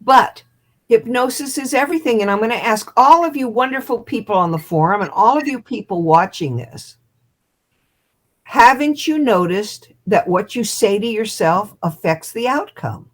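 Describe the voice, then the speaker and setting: A woman's voice: a little high, moderate pace. An older woman in her seventies spins a story with real animation, playing out the voices of the people she quotes. She is a hypnotist guest speaking over a video call. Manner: lively storyteller who acts out quotes and laughs.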